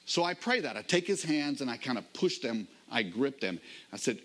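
A middle-aged man, a pastor, preaching a sermon in a conversational storytelling manner, slowing down to stress key phrases. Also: mid-range voice, big pitch swings, a bit bright.

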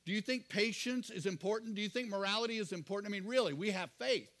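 A middle-aged male pastor preaching a sermon, earnest, often asking the congregation questions and dropping to quiet asides. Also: sits high, fast.

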